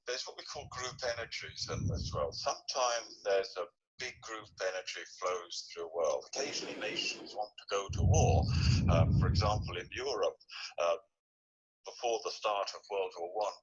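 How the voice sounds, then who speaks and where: A man with a low, husky voice talks slowly and evenly. He explains spiritual ideas in a measured, guiding way, as a guest on an interview show. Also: low-quality recording. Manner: slow, measured, guiding the host through exercises. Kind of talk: calm explanatory talk.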